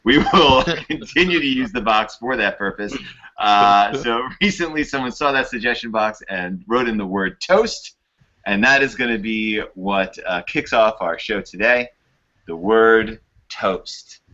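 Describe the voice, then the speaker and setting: A man's voice: lowish voice, expressive, measured pace, bright, forceful tone, muffled recording. A man hosting an improv show, rambling and chatty as he introduces it over a video call.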